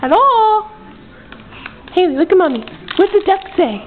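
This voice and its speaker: Indoors at home, a mother films her toddler and coaxes her in sing-song baby talk, her voice extremely high, expressive, and quick. The built-in camera mic gives tinny, lo-fi camcorder audio with a faint hiss.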